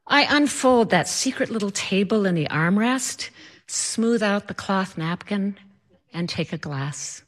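Unhurried, animated woman storyteller. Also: mid-range voice. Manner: animated, expressive, comic timing. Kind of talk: first-person storytelling.

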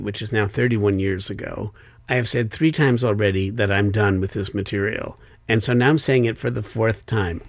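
A man's voice: mid-range voice, no echo. An older man, an author being interviewed, talking in a thoughtful, wry and expansive way. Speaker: author guest. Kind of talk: conversational interview.

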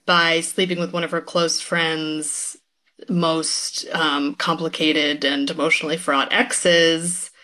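A woman's voice: low-pitched, level tone, takes it slowly, bright, forceful tone. A woman guest writer on a podcast, speaking in a thoughtful, analytical way with casual fillers.

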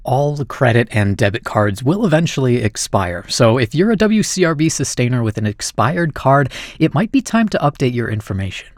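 A man announcing music and pledge reminders on a classical radio station, calm and measured. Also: medium pitch, no echo, studio quality. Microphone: studio microphone.

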